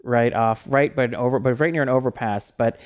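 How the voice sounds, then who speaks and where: A man co-hosting a casual podcast. He talks in a middle-pitched voice and strings his stories together loosely. His speech is full of restarts and filler words. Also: a little fast. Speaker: podcast co-host. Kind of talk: casual chat.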